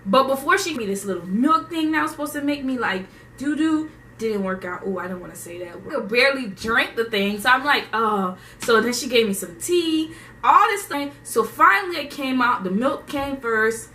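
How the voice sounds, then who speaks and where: A young woman from Haiti telling a story to her camera in a casual, slangy, animated way, often laughing as she talks. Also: fairly high pitch, normal speed, far from the mic, a little hiss or hum. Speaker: vlogger.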